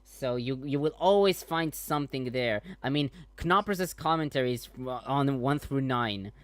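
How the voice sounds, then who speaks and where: A man co-hosting a relaxed online panel, rambling through his points with stops and restarts. His voice sits at an ordinary middle pitch. The sound is dry and close, with no room echo. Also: unhurried. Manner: rambling, many restarts and fillers. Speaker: co-host. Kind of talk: casual panel chat.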